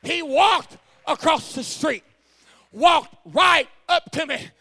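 A man preaching a sermon. He tells stories in a low voice, repeats words as he starts phrases, and builds up to shouting. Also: lively intonation, slow, gravelly.

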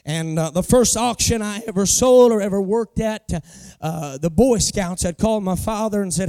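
A man's voice: high-pitched, normal speed, warm tone, clean tone, dry recording, studio quality. A middle-aged man, a pastor telling a folksy story as a sermon testimony. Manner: folksy storytelling with homespun sayings.

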